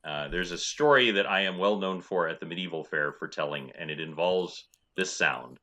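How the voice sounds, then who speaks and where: A man's voice: low voice, moderate pace, bright, forceful tone. A middle-aged man running a tabletop game as dungeon master, narrating playfully with sound effects.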